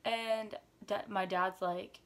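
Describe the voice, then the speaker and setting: A young adult woman vlogger tells a story in an animated, chatty way. Her speech is full of casual fillers. Her voice sits at a medium pitch. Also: slow pace. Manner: animated retelling, frequent "like" fillers. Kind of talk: story time vlog.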